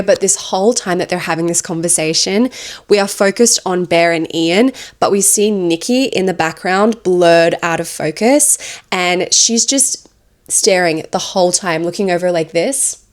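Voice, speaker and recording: A woman's voice: fairly low pitch, normal speed. A woman reviewing a horror film, chatting enthusiastically as she retells its plot scene by scene.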